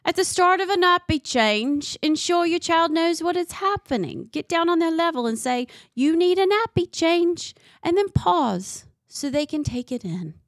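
A woman voicing someone reading parenting advice in an exaggerated, mocking, high Australian accent. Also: expressive, moderate pace, hardly any pauses, no room sound, clean studio sound. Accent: mock Australian.

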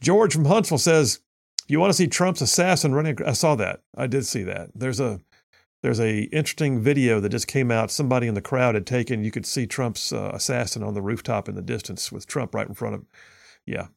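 A man's voice: mid-range voice, fairly quick, creaky, dry recording, studio quality. A man hosting a political talk radio show in an emphatic, folksy, sarcastic way. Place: radio studio.

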